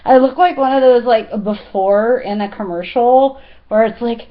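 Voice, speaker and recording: A woman's voice: a little high, animated, unhurried, lo-fi sound. A woman in her thirties chatting casually to her viewers, giggly and full of fillers. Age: 30s. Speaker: fashion vlogger. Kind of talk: casual chat.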